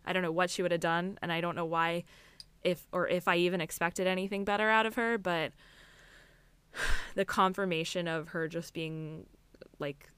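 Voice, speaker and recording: A woman's voice: on the low side, normal speed, clear, resonant tone, no room sound. A woman co-hosting a podcast, talking candidly in a casual chat and scattering "like" and "I mean" through her sentences. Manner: candid and animated, frequent "like" and "I mean". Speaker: podcast co-host.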